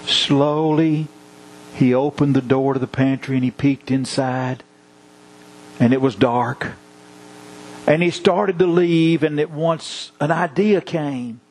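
A male preacher delivering a sermon at an unhurried, deliberate pace. His voice sits a bit high, and a faint hum runs underneath. He leans on rhythmic repetition and folksy illustrative stories. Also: a little mellow, low-quality recording. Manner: measured, rhythmic repetition; storytelling.

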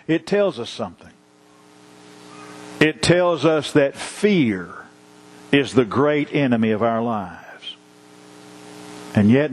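Slow, measured male preacher. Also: on the high side, low-quality recording. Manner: measured, rhythmic repetition; storytelling. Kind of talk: sermon.

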